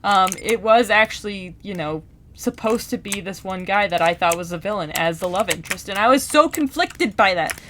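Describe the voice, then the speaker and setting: A woman chats casually to her viewers, rambling and animated, with many fillers and restarts. Her pitch sits in a middle range. Faint keyboard clicks sound in the background while she plays. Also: normal speed, slight background noise. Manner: gaming while talking. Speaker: book vlogger. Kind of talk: casual chat.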